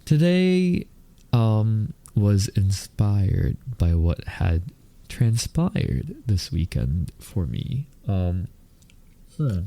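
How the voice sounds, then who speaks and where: A man in his mid-thirties hosts a casual solo podcast, his low, gravelly voice carrying a slight lisp from the retainers he wears. He talks slowly and deliberately, with plenty of fillers, and his tone is mellow and dark in a dry, close-sounding space. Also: big pitch swings. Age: mid-30s. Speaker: podcast host.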